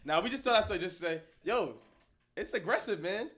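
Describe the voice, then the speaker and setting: Animated guy with a bright voice, podcast storytelling, keeps doing the voices of people in the story. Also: high voice, fairly quick. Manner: animated, laughing storyteller who acts out quotes. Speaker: podcast co-host. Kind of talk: casual storytelling chat.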